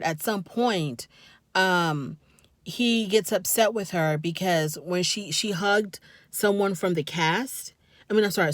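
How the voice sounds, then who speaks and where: A woman commenting on a reality show in a casual, animated way, often scolding the people on it directly. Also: lowish voice, no echo, studio quality. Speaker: reality TV reviewer.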